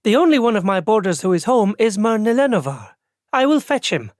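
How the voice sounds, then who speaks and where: A man's voice: high-pitched, very animated, fairly quick, dry recording, clean studio sound, pitched above the performer's own voice. A man voicing a wary middle-aged half-goblin landlady with a strong Barajese accent in an audiobook. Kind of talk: audiobook character voice.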